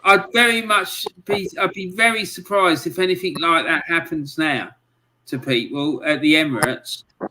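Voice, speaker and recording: A man's voice: fairly high pitch, moderate pace, noisy background. A man co-hosting a casual fan chat, telling a reminiscing story in an easygoing, chatty way. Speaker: co-host of a fan podcast.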